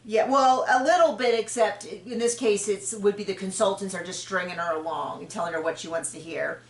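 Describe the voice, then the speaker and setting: A woman hosting a podcast, chatting frankly and opinionatedly about a reality show, with quick asides and self-corrections. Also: mid-range voice. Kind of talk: casual opinionated chat. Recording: roomy distant mic.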